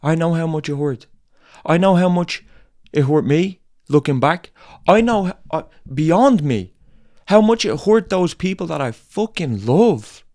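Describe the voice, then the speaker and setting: A podcast host with a slightly high, a little mellow voice speaks a little slowly with lively intonation, in a dry, clean studio recording. His monologue is blunt, angry tough love: lecturing and emphatic, with heavy swearing and repeated lines.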